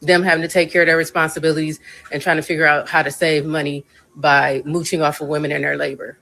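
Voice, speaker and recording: A woman with a low, gravelly voice speaks. She talks on a podcast in a heated, weary rant, casual and passionate. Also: little pitch movement, quick pace, fairly bright tone, low-quality recording. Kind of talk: impassioned casual podcast talk.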